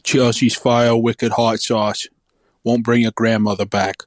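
A man doing a deadpan mock ad read for a talk show. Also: medium pitch, dry recording. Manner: deadpan, slow. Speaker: caller.

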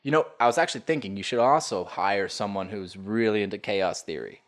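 Animated, joking man on a podcast. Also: lowish voice, fairly quick. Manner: animated, joking, swears freely. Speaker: podcast co-host. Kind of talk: casual chat. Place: apartment.

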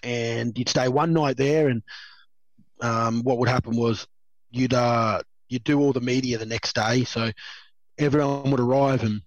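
A man's voice: medium pitch, fairly even intonation, a little slow, no room sound. An Australian man in his thirties with a mid-range voice, chatting as an interview guest. He rambles, restarts and laughs often as he tells stories. The recording is dry and a little muffled. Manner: rambling, laughs a lot, many fillers and restarts. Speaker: guest, former rugby league player. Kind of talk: casual storytelling chat. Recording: slightly dull dry recording.

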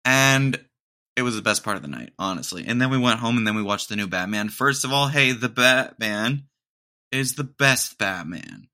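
A man's voice: lowish voice, animated, normal speed, sharp tone. A young man hosting a podcast, rambling through a casual comedic monologue with sarcasm and laughter at his own jokes. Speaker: podcast host.

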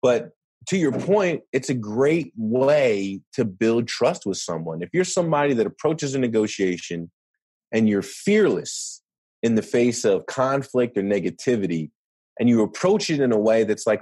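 A man's voice: medium pitch, animated, normal speed, a little mellow, breathy edge, dry recording. Earnest man explaining, dry close sound. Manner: earnest, explanatory, many rhetorical "right?" tags. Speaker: podcast guest, negotiation expert. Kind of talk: casual interview talk.

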